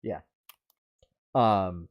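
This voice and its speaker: Low-voiced man rambling about games. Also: extremely slow, highs cut off. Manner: rambling, many fillers and restarts. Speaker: podcast co-host. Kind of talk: casual chat about games.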